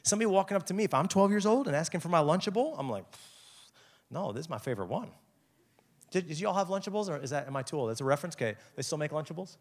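A young adult man preaching a lively, jokey youth sermon, acting out quotes with big swings in his voice. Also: fairly high pitch, rapid-fire, hardly any pauses. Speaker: youth pastor.

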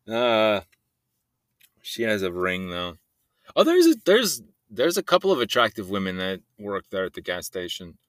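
A man's voice: on the low side, wildly swooping pitch, unhurried, long pauses, no echo. A young man telling a rambling story in a casual monologue, swearing freely and breaking into laughs. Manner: rambling, profane, often laughing. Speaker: voice-message storyteller.

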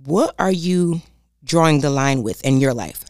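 Speaking straight to her audience as "y'all," a woman delivers an emphatic, preachy talk about boundaries, driving her main points home again and again. Her low, darkish voice has lively intonation and a measured pace, in clean studio sound without room tone.

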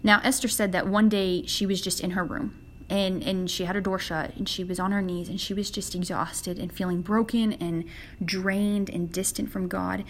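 A young woman hosts a devotional podcast for women, speaking at a moderate pace in a medium-pitched voice with fairly even intonation. Her casual devotional talk is earnest and conversational, and she acts out the prayers she quotes. Slight background noise can be heard.

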